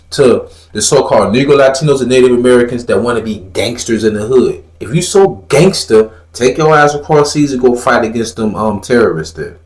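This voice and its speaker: A man's voice: mid-range voice, reverberant. A man giving blunt, profane religious commentary in a fiery, preachy manner, mocking others in put-on voices.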